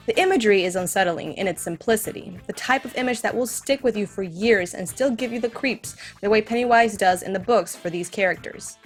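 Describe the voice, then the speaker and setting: A woman hosting a scripted film commentary, enthusiastic and speaking directly to her viewers. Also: mid-range voice. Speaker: video essay host.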